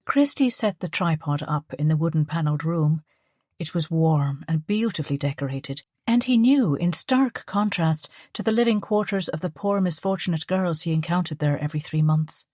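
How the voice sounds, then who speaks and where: Female audiobook narrator, lowish voice, measured delivery, dry close sound. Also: darkish tone, no room sound. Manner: measured storytelling. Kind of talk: scripted narration.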